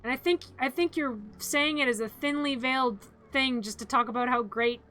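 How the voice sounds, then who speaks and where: A bright, fairly high streamer voice, chatting casually on a live stream. The delivery is playful and giggly, with growled zombie noises and shrieks acted out along the way. Faint music plays behind. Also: moderate pace.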